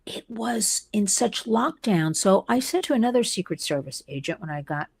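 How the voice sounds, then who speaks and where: A woman's voice: medium pitch, lively intonation, moderate pace, husky. A middle-aged woman hosting a live stream, talking to her viewers with passion and wandering into side stories. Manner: passionate, digressive storytelling. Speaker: host and advocate.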